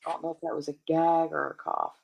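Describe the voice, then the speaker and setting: A woman's voice: low voice, little pitch movement, fast, creaky, darkish tone. A woman hosting a casual live stream chat from home, talking chattily and laughing often.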